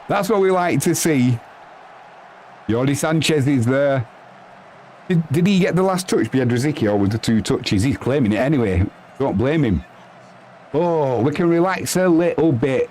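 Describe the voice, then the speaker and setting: A man calls a football match live for his stream, chatting casually and answering viewers between plays. His voice sits at an everyday middle pitch and leaps into high yelps when a goal goes in. A faint hiss runs under the recording. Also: unhurried, pauses often. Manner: chatty and excitable, bursting into high yelps at goals.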